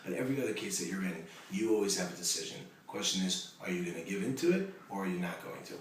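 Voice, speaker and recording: A male rabbi giving a Torah lesson, telling stories in a lively way with joking asides. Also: sits low, fast. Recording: echoey room, mic far off, faint noise.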